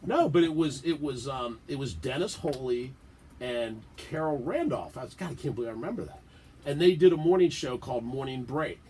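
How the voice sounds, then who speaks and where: A man's voice: mid-range voice, a little fast, a little hiss or hum. A middle-aged man from the Washington DC area, telling stories as a guest in a casual radio interview, laughing and acting out quotes. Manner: animated, laughing storyteller who acts out quotes. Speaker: podcast guest. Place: radio studio.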